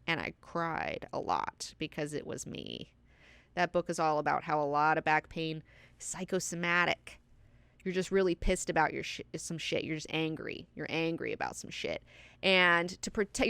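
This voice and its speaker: A woman's voice: fairly low pitch, gravelly, fairly bright tone, smooth, dry recording. A woman hosting a casual book class, chatty and candid, with frequent profanity and personal asides.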